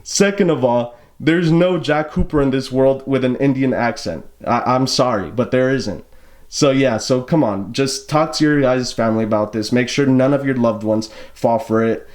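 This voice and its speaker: A young American man at a mid pitch talks casually to his viewers. He laughs often, sounds exasperated and rambles, with many fillers and repeated phrases. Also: moderate pace, a little mellow. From United States. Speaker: YouTuber. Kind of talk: casual vlog talk to camera.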